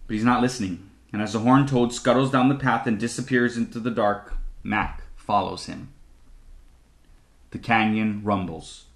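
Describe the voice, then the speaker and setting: A man reading an audiobook aloud in an expressive, animated manner. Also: on the low side, normal speed. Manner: animated, lively intonation. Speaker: audiobook narrator. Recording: roomy echo.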